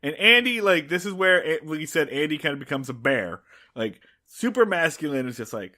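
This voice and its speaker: A man's voice: fairly high pitch, sing-song, normal speed, pushed and bright. A man co-hosting a podcast, chatting casually through a recap with lots of fillers and restarts. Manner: rambling, frequent filler words and restarts. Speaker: podcast co-host. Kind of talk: casual episode recap chat.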